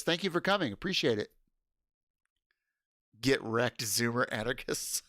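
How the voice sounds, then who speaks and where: A man hosting a casual livestream, loud and excitable, swearing and laughing often. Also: fairly high pitch, no room sound, studio quality. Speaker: livestream host.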